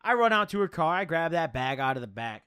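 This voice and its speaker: A man's voice: on the high side, very animated, quick pace, pushed and bright, clear, resonant tone, dry recording, studio quality. A young man telling a rambling, profane story to his viewers in casual slang.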